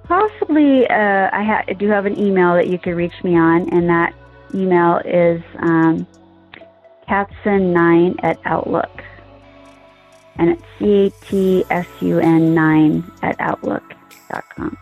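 A woman from Montana chatting as a podcast guest, relaxed and quick to laugh. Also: lowish voice. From Montana, USA. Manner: laughs easily, relaxed with fillers. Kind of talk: casual interview chat. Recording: phone-like line with faint music.

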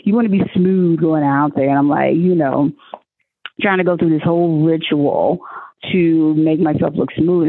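A woman from Oklahoma telling a story in slangy, animated casual chat, acting out quotes in a high voice. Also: moderate pace, gravelly, dry recording. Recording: dry phone-like line.

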